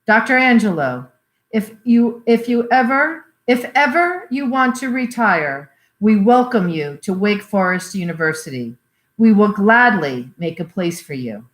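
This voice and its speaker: A woman's voice: medium pitch, very animated, measured pace. A woman reading the lines of a courteous male college dean who speaks formally and graciously. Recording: roomy echoey recording.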